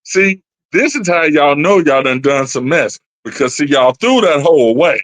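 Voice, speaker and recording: High expressive man on a dry mic. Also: moderate pace, no echo, poor audio. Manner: playful, preachy mock-serious rants. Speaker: podcast co-host. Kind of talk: casual movie-discussion chat.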